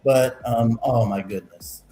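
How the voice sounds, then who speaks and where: A man's voice: mid-range voice, slow, soft background music. A man, a guest in an interview, telling a story animatedly and acting out bits of dialogue. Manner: animated, acts out quoted dialogue. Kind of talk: casual storytelling. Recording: echoey room, faint noise.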